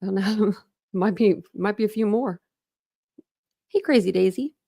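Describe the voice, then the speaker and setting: A woman's voice: mid-range voice, measured pace, vocal fry, mellow, no room sound, clean studio sound. A woman hosting a casual livestream, chatting with viewers, greeting them by name and laughing often. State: a bit out of breath. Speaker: livestream host. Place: small room at home with dogs.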